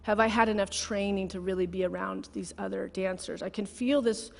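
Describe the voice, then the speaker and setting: Heartfelt woman with a gravelly edge. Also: mid-range voice, fairly even intonation, a little fast. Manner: heartfelt, conversational, near tears. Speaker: guest speaker. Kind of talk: sermon with personal story. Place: large church sanctuary. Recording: long hall reverb.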